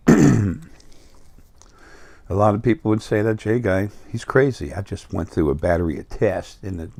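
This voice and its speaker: A man's voice: low-pitched, dry recording. A middle-aged man with a New York accent talking in a rambling, casual monologue full of fillers and restarts. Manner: meandering, many fillers and restarts. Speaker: spiritual video host.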